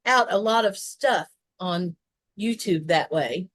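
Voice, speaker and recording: A woman's voice: fairly low pitch, slow, fairly bright tone, dry recording. A woman with a Southern US accent, co-hosting a casual chat, rambling through long explanations with restarts and asides. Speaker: co-host.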